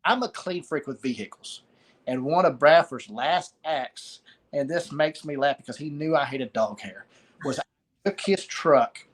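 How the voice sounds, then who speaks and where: A middle-aged man with a somewhat high voice tells a personal story of loss. He speaks haltingly, pausing often and starting phrases over. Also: animated. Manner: halting, pauses and repeats words. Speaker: guest sharing a story of loss.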